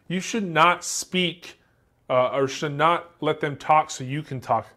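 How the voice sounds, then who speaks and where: A man's voice: on the high side, takes it slowly, pushed and bright. American man teaching in a casual way. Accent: Southern American. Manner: casual, joking, acts out example answers. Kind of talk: classroom lecture.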